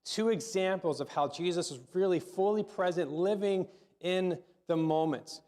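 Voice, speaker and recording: A man's voice: sits high, moderate pace, a little mellow. A middle-aged man preaching a sermon as pastor, talking to the congregation in a loose, conversational way, often repeating words and asking questions.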